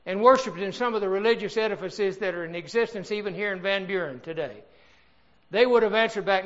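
The recording is muffled, and the older man's voice sits high as he preaches. Emphatic throughout, he builds in loudness and lingers slowly on important words.

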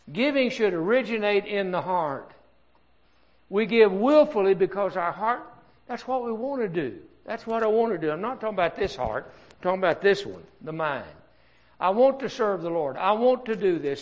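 A man's voice: high voice, a bit bright, highs cut off. An older man preaching an earnest, conversational sermon, asking the congregation rhetorical questions.

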